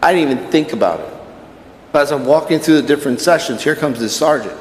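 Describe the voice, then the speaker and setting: Preaching at Mass with a slightly high voice and a quick pace, this Catholic priest keeps things conversational and shares personal anecdotes. The recording comes from a distance in an echoey church, with slight background noise.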